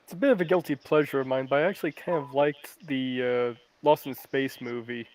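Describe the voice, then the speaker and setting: A man's voice: medium pitch, brisk, low-quality recording. Man, easygoing podcast panelist, plain matter-of-fact delivery. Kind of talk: casual chat.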